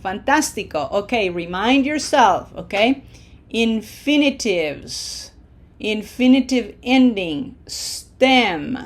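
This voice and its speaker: Slow, deliberate woman teaching a lesson. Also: fairly high pitch, expressive. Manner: slow, deliberate modeling of pronunciation with encouraging checks. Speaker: Spanish teacher. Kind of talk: language lesson.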